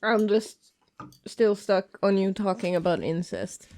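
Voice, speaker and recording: A woman's voice: medium pitch, fairly even intonation, measured pace, a little mellow. A woman from Austria, co-hosting a casual movie commentary, chatty and sardonic, full of "like" fillers. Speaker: podcast co-host.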